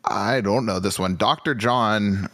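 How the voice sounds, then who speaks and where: A man co-hosting a casual music podcast, rambling with halting restarts. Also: fairly low pitch, fairly bright tone. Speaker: podcast co-host. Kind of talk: casual chat. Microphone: headphones, remote call.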